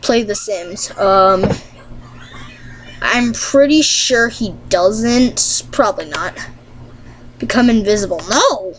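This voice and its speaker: A woman vlogger chatting casually to viewers while playing a game, reading questions aloud quickly, answering them and laughing often. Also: medium pitch, slight background noise, low-quality recording.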